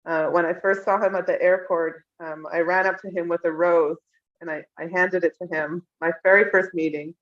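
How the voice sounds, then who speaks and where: A young woman recounting emotional personal memories in an interview, tender and often laughing softly. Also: fairly low pitch, fairly even intonation, moderate pace. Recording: dull lo-fi sound.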